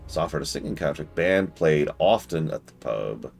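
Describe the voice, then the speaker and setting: Chatty male streamer, bass-deep with a lively swing; talks through the game and answers viewers. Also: normal speed, vocal fry. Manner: thinks aloud, chatty, answers chat. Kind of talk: casual gameplay commentary.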